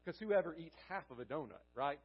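A man's voice: fairly high pitch, animated, fairly quick, breathy edge, highs cut off. A male pastor preaching a sermon in a church, repeating key phrases for emphasis and asking the congregation questions he then answers. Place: church sanctuary.

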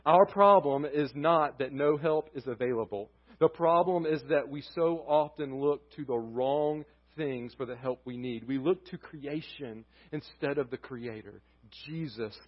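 A pastor preaching a sermon, impassioned, rising to near-shouts and dropping to hushed closings. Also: male voice, mid-range voice, lo-fi sound. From United States. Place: church sanctuary.

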